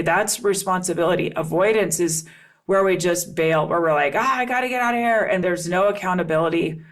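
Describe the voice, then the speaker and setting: A middle-aged woman hosting a solo podcast as a relationship coach, talking earnestly and repeating key phrases for emphasis. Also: lowish voice.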